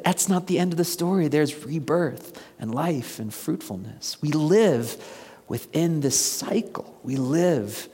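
A man around fifty preaching a conversational sermon, asking the congregation questions and dropping to a hushed near-whisper for emphasis. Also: a little high, expressive, slow pace, slightly rough. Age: about 50. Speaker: pastor. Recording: long reverb of a large hall.

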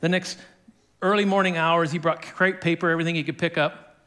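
High-voiced guy preaching, telling a story and doing the quotes with little chuckles. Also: fairly even intonation, a little fast, pushed and bright. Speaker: pastor. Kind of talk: sermon.

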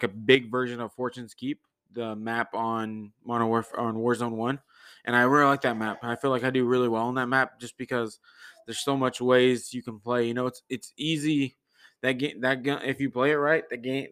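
A man's voice: mid-range voice, a bit bright. A man hosting his own podcast, chatting loosely and rambling a bit, with many fillers and restarts. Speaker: podcast host. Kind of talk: casual solo podcast chat.

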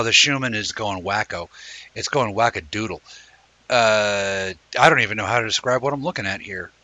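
A man's voice: fairly low pitch, bright, forceful tone, no echo. A man co-hosting a late-night livestream, chatting loosely and joking with plenty of cursing. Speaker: co-host. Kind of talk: casual livestream chat.

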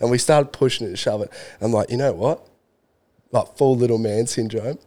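A man's voice: mid-range voice, brisk, dark tone. Young male co-host, chatty storyteller, laughs and swears freely. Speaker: podcast co-host. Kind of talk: casual chat, storytelling.

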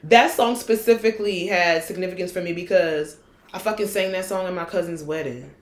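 A woman co-hosting a casual chat, blunt and profane, telling stories with animated energy. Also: fairly low pitch, a little fast, roomy sound. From United States. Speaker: podcast co-host.

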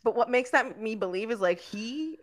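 A woman in her twenties with a Southern Californian accent and vocal fry, co-hosting a casual, giggly chat. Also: on the high side, normal speed. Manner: giggly, animated storytelling. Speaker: podcast co-host.

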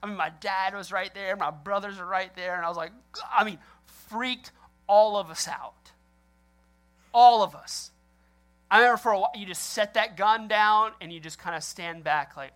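A male pastor delivering a sermon with lively, animated storytelling. He laughs often and acts out people's reactions as he speaks. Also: high-pitched, normal speed.

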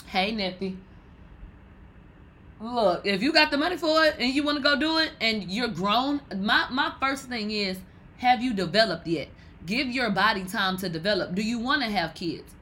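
A woman in her thirties hosting a podcast, giving blunt, profane, animated gossip commentary. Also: a little high, normal speed, slight background noise, low-quality recording. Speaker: podcast host.

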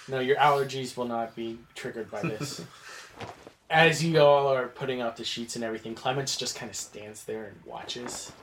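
A man narrating as game master of a tabletop game, relaxed and rambling with lots of fillers. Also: medium pitch, normal speed, slight background noise.

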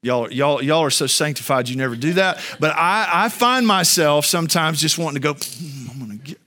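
A man preaching a sermon as pastor, speaking to the congregation in a conversational way and building to loud, high-pitched emphasis. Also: a little fast. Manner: conversational, addresses the congregation directly.

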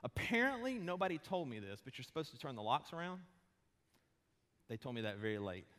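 A pastor in his thirties giving a conversational sermon, mixing quick humor with slow emphatic pauses. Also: mid-range voice, sing-song, fairly bright tone. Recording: long hall reverb.

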